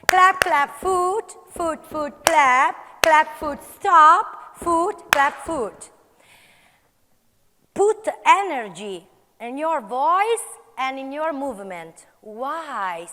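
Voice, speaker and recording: Italian-accented woman presenter, high bright voice, energetic commands, measured speech. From Italy. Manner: energetic, calls out commands to the audience. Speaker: conference speaker. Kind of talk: live workshop demonstration. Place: large conference hall. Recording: reverberant conference hall.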